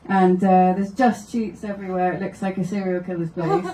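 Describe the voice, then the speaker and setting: A woman's voice: on the low side, steady tone, normal speed, mellow, distant mic, slight background noise. Wry woman comic on a roomy stage. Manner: wry, laughing through her anecdotes. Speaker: stand-up comedian. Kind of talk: stand-up storytelling. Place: live comedy venue.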